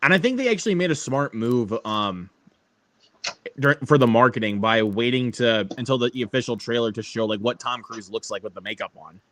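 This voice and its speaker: A man's voice: medium pitch, lively intonation, fairly quick, fairly bright tone, dry recording. A young man hosting a casual online hangout, laughing often and restarting his sentences. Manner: laid-back, laughs often, stumbles and restarts. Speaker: stream host. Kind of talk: casual chat. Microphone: online call.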